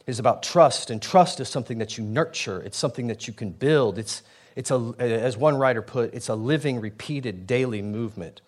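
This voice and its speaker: Conversational male preacher, mid-pitched. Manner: conversational, animated, with frequent restarts and asides. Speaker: pastor. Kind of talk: sermon.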